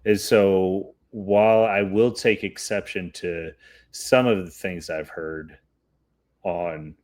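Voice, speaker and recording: Low-voiced man telling stories. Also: steady tone, takes it slowly, a little mellow. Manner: searching, hesitant when explaining. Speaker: podcast host. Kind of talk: casual chat and storytelling.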